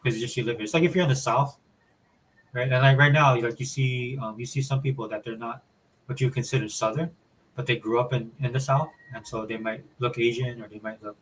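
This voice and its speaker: A man from Hawaii with a Hawaiian accent, chatting casually as a podcast co-host in a relaxed, rambling way. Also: medium pitch, fairly quick, a little hiss or hum, rough recording. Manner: laid-back, rambling explanations. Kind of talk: casual chat.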